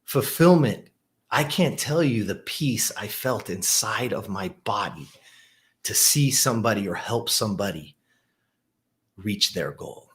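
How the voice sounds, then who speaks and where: In an unhurried way, this middle-aged man, who hosts and owns a gym, tells the camera a motivational story. He lifts with excitement and sinks low in reflective moments.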